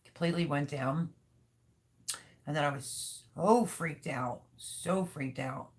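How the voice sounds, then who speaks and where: In a casual home livestream, the host, a woman, rambles openly and reads viewer comments aloud. She speaks slowly in a low pitch.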